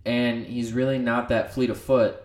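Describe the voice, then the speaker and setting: A man's voice: medium pitch, normal speed, echoey room. A man co-hosting a podcast, rambling and swearing through a casual sports chat. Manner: profane, rambling, animated. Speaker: podcast co-host.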